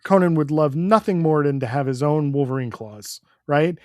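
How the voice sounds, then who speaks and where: A man's voice: fairly high pitch, normal speed, warm tone, no echo, clean studio sound. A man co-hosting a comics podcast, recapping the plot in an easygoing way with fillers. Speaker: podcast co-host. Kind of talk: casual comics chat.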